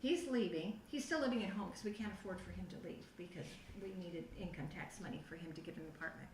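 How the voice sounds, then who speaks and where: A middle-aged woman telling her personal testimony to a youth group, animated and acting out her own past reactions. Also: lowish voice, quick pace. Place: church youth room. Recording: echoey room, voice from far off the mic, faint noise.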